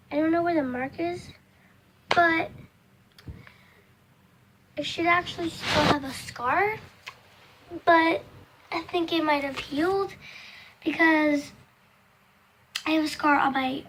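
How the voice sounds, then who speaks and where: A young woman vlogger telling a storytime in casual, rambling chat, full of "like" and acting out the quoted voices in loud, high bursts. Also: slow pace, long pauses, noisy background. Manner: rambling, filler-heavy storytelling with many "like"s.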